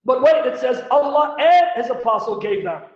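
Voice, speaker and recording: A man with a strikingly high voice, hosting a live teaching stream and pressing his audience with one rhetorical question after another. The sound is dull and lo-fi, with a roomy echo around him. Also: normal speed. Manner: animated, rhetorical questions, presses listeners for answers. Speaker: Christian apologist host. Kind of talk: livestream Bible-Quran debate teaching. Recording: echoey, dull lo-fi stream audio.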